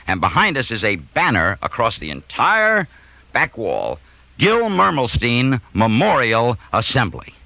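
A man telling a comic school anecdote, chuckling and swinging from hushed to loud. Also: mid-range voice, a little slow, vocal fry, dry recording, rough recording. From New York. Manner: animated, chuckling, big swings from quiet to loud. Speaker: storyteller. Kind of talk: comic anecdote told to an audience.

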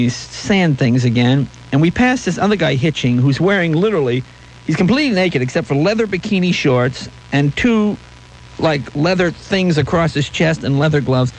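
Animated fast-talking man telling stories. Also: a little high, a little hiss or hum, rough recording. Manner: animated, acts out voices in stories. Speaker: guest comedian. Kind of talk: anecdotal interview storytelling.

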